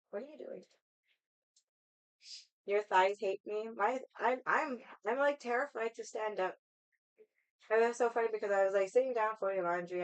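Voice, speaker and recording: This livestream host rambles through a casual chat with her audience, swearing without restraint. Her mid-range voice has a clean, fairly bright tone, but the audio quality is poor.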